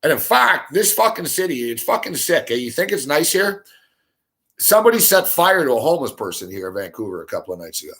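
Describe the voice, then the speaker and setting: A man hosting a sports talk show, ranting heatedly in a profane monologue full of rapid rhetorical questions. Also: a little high, sing-song, a bit bright.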